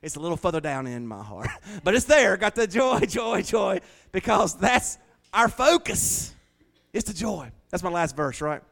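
A man's voice: sits high, sing-song, moderate pace, creaky, a bit bright. A man preaching a folksy, joking sermon in a small church, laughing often. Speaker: pastor.

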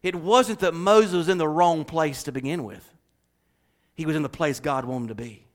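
Animated high-voiced male preacher. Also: moderate pace. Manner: animated, emphatic, humorous asides. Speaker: pastor. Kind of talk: sermon.

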